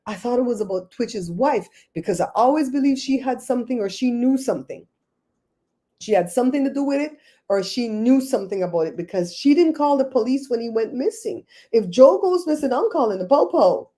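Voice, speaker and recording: A woman's voice: a little high, animated, fairly quick, dark tone. A woman hosting a casual livestream, chatting with viewers by name and laughing often. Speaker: livestream host.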